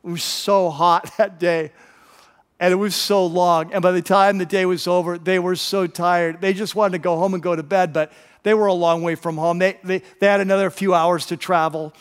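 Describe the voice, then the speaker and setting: A man's voice: sits high, little pitch movement, normal speed, clean tone, in a large hall. A pastor preaching a sermon, telling a story animatedly and often repeating words as he builds up.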